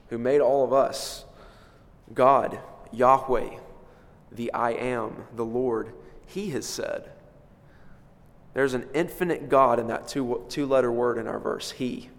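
A man preaching in a church, his voice sitting at an ordinary middle pitch. He leans on key words with sudden swells of loudness, then falls back almost to a murmur. A long hall reverb trails behind every phrase. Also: steady tone, a little slow. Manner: emphatic, swells and drops in loudness for stress. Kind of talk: expository sermon.

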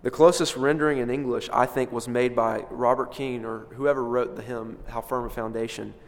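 A man preaching in a church, his voice sitting at an ordinary middle pitch. He leans on key words with sudden swells of loudness, then falls back almost to a murmur. A long hall reverb trails behind every phrase. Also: steady tone, normal speed. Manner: emphatic, swells and drops in loudness for stress. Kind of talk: expository sermon.

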